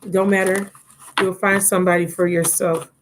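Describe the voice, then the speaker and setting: A woman's voice: on the low side, flat delivery, normal speed, background noise. A woman giving a casual live tarot reading, chatty and affectionate with viewers, a little drowsy, recorded on a laptop mic. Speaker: tarot reader. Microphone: laptop microphone.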